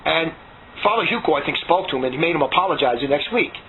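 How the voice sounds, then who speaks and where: A man's voice: fairly high pitch, animated, fast talker. A man telling a long story from his past in a casual, rambling and emphatic way, doing voices for the people he quotes. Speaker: interviewee recounting past. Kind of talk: casual spoken testimony. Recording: tinny phone-like audio with faint hiss.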